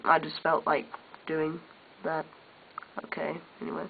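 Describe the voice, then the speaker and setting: A woman's voice: on the low side, fairly even intonation, brisk, slight background noise. A woman chatting casually and offhandedly as she reviews a toy set. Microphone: built-in camera mic. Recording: tinny lo-fi camera audio.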